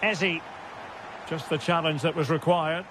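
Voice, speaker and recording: Against a noisy background, a man with a fairly high, steady voice calls a football video game without hurrying. The recorded commentary features sharp player-name calls that build to shouted goals.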